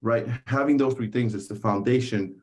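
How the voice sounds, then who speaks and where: Male interview guest from the Dominican Republic, mid-pitched, emphatic storyteller who repeats key phrases. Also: moderate pace, a little mellow. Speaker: podcast guest.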